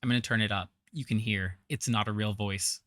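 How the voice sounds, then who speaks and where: A man's voice: lowish voice, fairly even intonation, brisk, fairly bright tone, no room sound. A man giving blunt, scornful reaction commentary, with a trained singer's voice.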